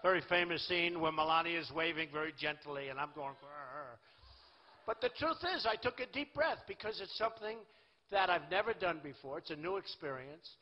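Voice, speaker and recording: Man in his sixties, campaign rally speech, rambling, husky, echoing hall, muffled recording. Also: a little high, expressive, a little fast. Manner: boastful, rambling, repetitive. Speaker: political candidate. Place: large rally venue.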